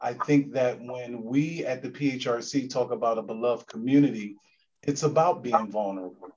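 A man's voice: medium pitch, steady tone, moderate pace, a little mellow. Solemn man giving closing remarks. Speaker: commission official closing the event. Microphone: video call. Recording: dull lo-fi call audio.

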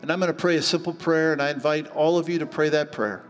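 A middle-aged man preaching a sermon as pastor, telling stories with lively acted-out voices. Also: on the high side, fast. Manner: animated storytelling, acting out voices. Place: church hall. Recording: church hall reverb with faint music.

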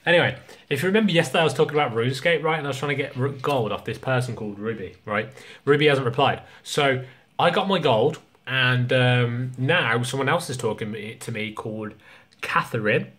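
A man's voice: medium pitch, lively intonation, brisk, fairly bright tone. A young man talks loosely in a casual home vlog, rambling from one thing to the next. He jokes around and swears freely. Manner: rambling, joking, swears a lot. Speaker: vlogger.

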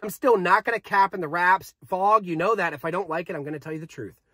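A man's voice: high-pitched, fairly even intonation, quick pace, pushed and bright, no echo. A young man reviewing a vape in a casual, hyped, joking vlog, talking straight to his viewers.

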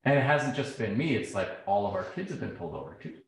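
A man's voice: lowish voice, fast, vocal fry. A middle-aged man giving a public talk, telling stories and acting out the exchanges in them. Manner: animated, acts out quoted exchanges. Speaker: speaker. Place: lecture hall. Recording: very echoey hall.

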